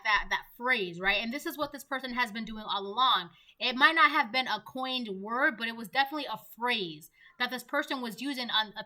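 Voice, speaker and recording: A woman with a fairly high, bright, forceful voice talks through a tarot reading for her viewers. She rambles from one point to the next and peppers her talk with "right?" and "um". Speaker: tarot reader. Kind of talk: casual spoken tarot reading.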